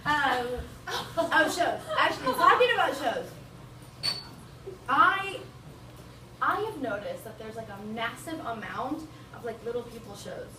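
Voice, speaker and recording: A high, lively woman's voice, a young comedian from Bolivia rambling through a crude stand-up set and giggling at her own jokes. She is heard from a distance in an echoey small venue, with steady noise behind her. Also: unhurried, pauses often. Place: small venue with live audience. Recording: roomy, distant live room recording with noise.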